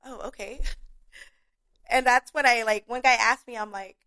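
A woman's voice: fairly high pitch, steady tone, normal speed, bright, forceful tone. A young woman hosting a casual show, talking bluntly with lots of swearing and frequent laughs. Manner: blunt, profane, laughing often. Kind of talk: casual chat.

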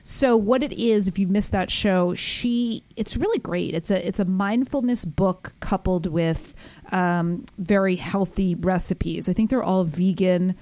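A woman's voice: mid-range voice, a little slow, dark tone, no room sound. Gushing woman co-host, dry sound. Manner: gushing, effusive. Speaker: podcast co-host. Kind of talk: casual chat.

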